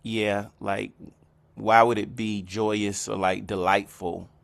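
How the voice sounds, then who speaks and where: Low gravelly guy, slow and flat, lots of ums, dry sound. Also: dry recording. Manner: hesitant, filler-heavy questioning. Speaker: study group member.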